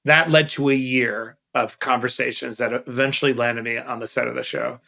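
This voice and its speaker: Gravelly New man telling stories. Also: medium pitch, fairly even intonation, moderate pace, bright, forceful tone. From Queens, New York. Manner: candid, earnest storyteller who stresses key points. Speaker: guest investor. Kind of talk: podcast interview storytelling.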